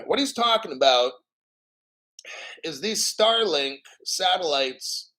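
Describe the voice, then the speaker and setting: A man with a somewhat high-pitched voice chats through a crypto livestream in an easy, rambling way. He swears casually and keeps clearing his throat between thoughts. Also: sing-song, slow, fairly bright tone. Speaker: crypto livestream host reading chat.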